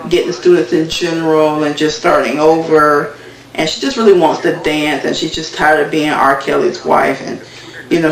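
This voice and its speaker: A man talks through a TV episode in a loose, rambling way, leaning on fillers as he goes. His voice sits a little high with a gravelly edge. The sound is roomy and echoey, as if the mic stands some way off. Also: fairly bright tone. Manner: rambling, filler-heavy retelling. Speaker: TV recap vlogger. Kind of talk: casual episode recap. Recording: echoey room, mic at a distance.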